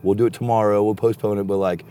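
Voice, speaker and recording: A man's voice: on the low side, fast. A young man telling a rambling, profane story in casual chat and acting out what people said. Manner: rambling, animated, heavy swearing, acts out quotes.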